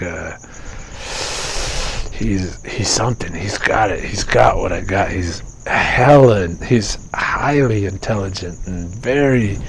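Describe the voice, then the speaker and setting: A man's voice: on the low side, slight background noise. A young man hosting a podcast, talking through his life in a candid, profane, self-questioning ramble full of restarts. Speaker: podcast host. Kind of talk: casual personal monologue.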